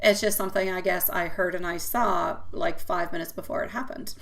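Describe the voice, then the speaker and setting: A middle-aged woman hosts a live tarot stream with a bright, clear tone. She talks to viewers warmly, calling them sweetie and my love. Her talk rambles and circles back with repeated words. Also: fairly low pitch, fairly even intonation, brisk. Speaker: tarot reader.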